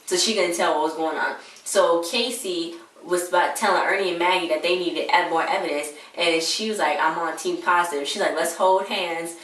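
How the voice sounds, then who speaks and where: Recapping a TV episode, a female reviewer chats casually and retells scenes with quoted lines, talking a little fast with hardly any pauses. Her voice is on the low side and fairly bright, captured in an echoey room far from the mic.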